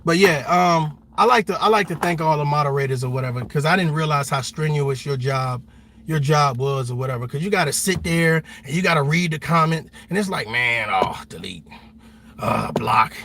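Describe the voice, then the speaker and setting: Veteran livestream host, male, forceful, repeats points for emphasis, swears freely. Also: on the high side, fairly quick. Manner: emphatic, repetitive, blunt and profane. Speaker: army veteran. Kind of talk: passionate livestream commentary.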